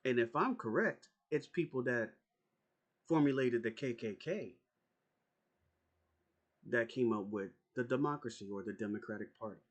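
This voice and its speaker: A man's voice: medium pitch, normal speed, pauses often. A man delivering an angry, profane political rant as a YouTuber, confrontational and repeating his points.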